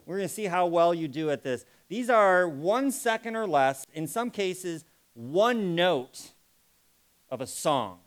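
A man's voice: high voice, animated, slow pace. A man giving an interactive live presentation to an audience, acting out sample phrases to show how tone changes meaning. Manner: demonstrative, acts out sample phrases.

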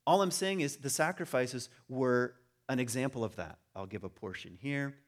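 A middle-aged man speaks to a gathering in an unscripted lecture, his voice sitting at an ordinary pitch. He drifts between casual asides and bursts of animated emphasis. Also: moderate pace. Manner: conversational, rising to animated emphasis. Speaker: speaker on religion and home. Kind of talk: informal lecture to a group.

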